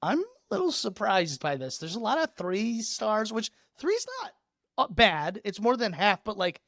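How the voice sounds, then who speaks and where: A young man co-hosting a casual podcast chat, excitable and loud, laughing often. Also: high voice, moderate pace, creaky, no room sound, clean studio sound. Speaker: podcast co-host.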